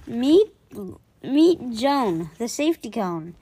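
Woman voicing a cheery bus driver, storybook read-aloud, announcing tone, high voice. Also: sing-song, slow pace, mellow, slightly rough, full character voice. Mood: cheerful. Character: cheerful male bus driver and school worker.

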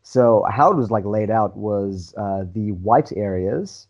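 A low-voiced man with a mellow, dark tone and a diluted South African Indian accent. He talks in a relaxed, rambling way, full of fillers and restarts. The audio sounds slightly muffled. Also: takes it slowly. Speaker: guest, actor. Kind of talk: casual interview storytelling.

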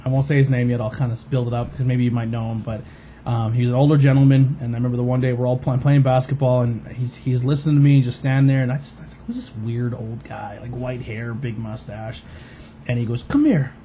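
With a dark, level, medium-pitched voice, this fast-talking podcast host rambles casually through a long story. He acts out the quoted lines and peppers everything with fillers, against a slight hiss or hum.

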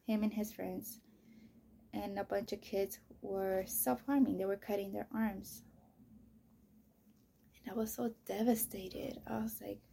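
A woman telling a raw personal story as a mother, swinging between loud outbursts and near-whispers. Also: mid-range voice, gravelly, slight background noise. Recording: voice message.

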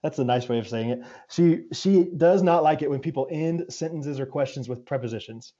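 Mellow-sounding guy chatting and joking around, kinda high voice. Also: a little fast. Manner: easygoing, animated banter. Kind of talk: casual conversation. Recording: slightly dull sound.

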